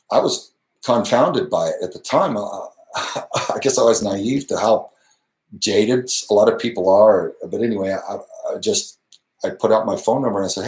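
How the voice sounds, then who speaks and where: A man's voice: on the low side, roomy sound, low-quality recording. A man hosting a live Q&A monologue, talking earnestly and emphatically, with short laughs and restarts. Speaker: channel host.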